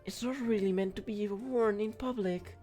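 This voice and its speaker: A man's voice: high voice, moderate pace, mellow, faint music behind, voice pushed up, lightly acted. A man reading the lines of a deferential young handmaid in a story game. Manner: deferential and eager to help. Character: polite young female handmaid.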